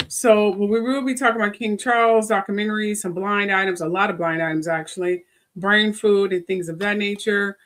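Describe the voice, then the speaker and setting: A woman's voice: medium pitch, fairly bright tone. A woman hosting a casual gossip livestream, rambling and chatting to viewers in the comments. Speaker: gossip show host.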